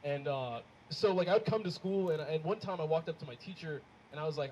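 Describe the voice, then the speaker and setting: A man's voice: fairly high pitch, fast talker, a little mellow, dull audio. A young man born in Ethiopia with an American accent, doing a loose, profane, self-mocking stand-up set on an outdoor stage in the cold. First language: Amharic. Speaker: stand-up comedian. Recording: noisy outdoor live recording. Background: laughing crowd.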